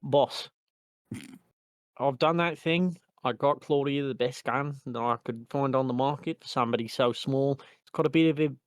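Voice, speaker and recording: A man's voice: medium pitch, moderate pace, no room sound, close to an everyday voice. A man doing a brash Australian henchman. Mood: eager. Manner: chirpy, blunt, swears freely. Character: loud cheerful Australian henchman, rough-mouthed.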